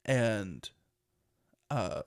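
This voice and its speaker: A man's voice: lowish voice, animated, very slow, clear, resonant tone. A young man co-hosting a casual podcast, talking in a rambling, chatty way and laughing often. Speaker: podcast co-host.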